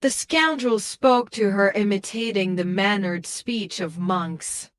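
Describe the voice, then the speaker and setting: Female folktale narrator, slow and careful, dry close-mic sound. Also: medium pitch, no room sound.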